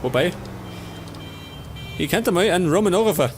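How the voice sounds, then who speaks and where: A man's voice: high-pitched, lively intonation, moderate pace, soft background music. A man with a Bavarian accent giving casual let's play commentary, muttering to himself as he plays. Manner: muttering to himself while playing. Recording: commentary over noisy game audio.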